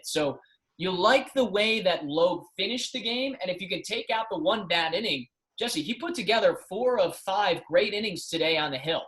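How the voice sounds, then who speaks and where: A man's voice: sits high, fairly bright tone, poor audio. A man giving conversational, analytical baseball color commentary.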